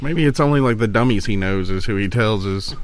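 A man co-hosting a podcast, trading quick teasing jokes in casual banter. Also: lowish voice, a little hiss or hum. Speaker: podcast co-host. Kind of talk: casual chat.

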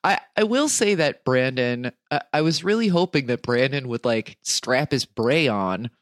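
A woman's voice: extremely low pitch, expressive, moderate pace, no room sound, clean studio sound. A woman co-hosting a podcast, making sarcastic, jokey remarks in casual chat about a TV show. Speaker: podcast co-host.

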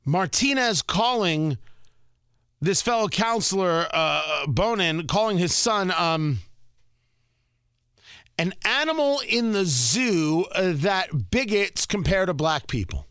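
A man's voice: sits high, expressive, takes it slowly, fairly bright tone, clear, resonant tone, no room sound. A man hosting a talk radio show, giving indignant, sarcastic commentary into a studio microphone.

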